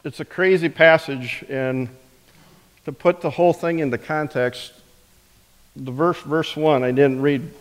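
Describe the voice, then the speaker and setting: A man's voice: a little high, fairly even intonation, a little slow. A man preaching a sermon in a conversational way, with many rhetorical questions. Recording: reverberant hall.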